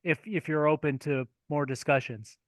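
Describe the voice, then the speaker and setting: Polite guy hosting an interview on a call, slightly high voice, very dry sound. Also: fairly even intonation, no room sound. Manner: courteous, measured, deferential.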